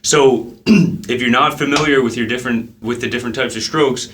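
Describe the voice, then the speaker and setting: A man gives a casual drum lesson and counts the beats aloud between his explanations. His voice sits at an average pitch. Steady noise from the practice room runs behind him. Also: normal speed. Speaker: drum teacher. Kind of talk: relaxed instructional talk.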